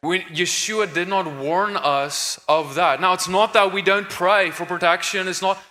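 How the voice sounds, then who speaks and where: A man talks on a conference stage in an earnest, emphatic preaching tone, restarting his phrases as he goes. His voice is bright and set a little high. It rings out with a long reverb from a large hall. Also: steady tone, unhurried. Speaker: conference speaker on deliverance ministry. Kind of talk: stage discussion.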